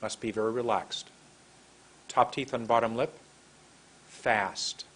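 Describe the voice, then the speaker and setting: A man teaching English pronunciation to camera, speaking in a drawn-out, emphatic way and demonstrating mouth positions. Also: mid-range voice, fairly even intonation, slightly rough. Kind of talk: slow deliberate teaching to camera. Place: room with a computer and camera.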